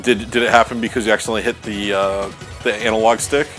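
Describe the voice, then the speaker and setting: A man co-hosting a casual gaming stream, joking around and telling stories in an animated way. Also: lowish voice, fast, music in the background. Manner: joking storyteller, acts out quotes. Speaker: co-host.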